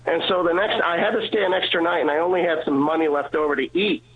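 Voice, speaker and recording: Over a tinny phone line, a male guest earnestly shares a personal faith testimony, often repeating and restarting his words. He talks fast, with a fairly high pitch and fairly even intonation.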